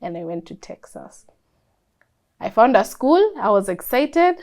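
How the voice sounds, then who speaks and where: A woman's voice: on the high side, a little slow. Woman telling a story. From Kenya. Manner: animated storyteller, acts out quoted dialogue. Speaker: interview guest. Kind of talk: storytelling in an interview.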